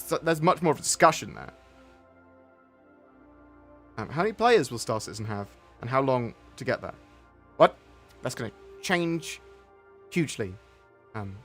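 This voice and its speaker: A man's voice: mid-range voice, expressive, moderate pace, long pauses, faint music behind. Rambling man streaming. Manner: rambling and candid, with mild swearing. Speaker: streamer answering viewer questions. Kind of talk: casual live-stream Q&A.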